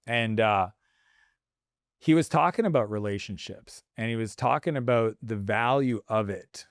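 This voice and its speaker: A man's voice: fairly low pitch, measured pace, dry recording, clean studio sound. A man in his forties, a guest on a podcast, talking casually and acting out bits of dialogue as he tells stories. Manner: animated storytelling, acts out dialogue. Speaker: guest entrepreneur.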